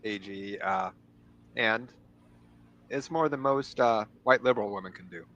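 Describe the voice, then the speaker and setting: A man's voice: on the low side, a little slow, fairly bright tone, highs cut off. A man co-hosting a reaction show who drops short, dry wisecracks. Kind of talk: casual reaction commentary.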